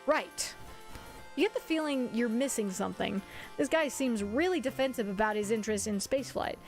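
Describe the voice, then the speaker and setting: A woman's voice: on the high side, lively intonation, brisk, soft background music. A woman streaming a game, chatting casually and reading the story aloud with bubbly, self-deprecating asides.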